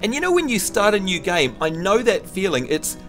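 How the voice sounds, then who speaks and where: A man's voice: high voice, big pitch swings, a little fast, a bit bright, faint music behind. A man from New Zealand chatting casually and teasing friends while streaming a game. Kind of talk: casual live-stream chat.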